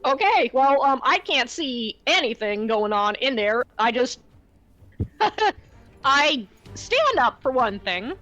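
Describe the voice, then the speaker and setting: A woman playing a tabletop game talks through her turn, rambling and unsure, often breaking into laughs. Her voice sits a little high. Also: sing-song, slow pace, pushed and bright, muffled recording, faint music behind. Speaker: player. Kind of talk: casual tabletop play.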